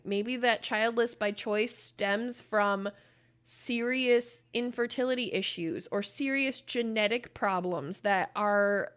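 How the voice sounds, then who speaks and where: A woman co-hosting a podcast in casual chat, blunt and profane, acting out quoted voices as she tells stories. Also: a little high. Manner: acts out quoted voices while telling stories. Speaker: podcast co-host.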